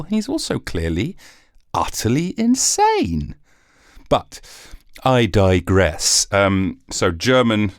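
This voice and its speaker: A man hosting a rambling solo comedy podcast, jokey and animated, slipping into silly voices. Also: on the low side, no room sound, clean studio sound. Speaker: podcast host.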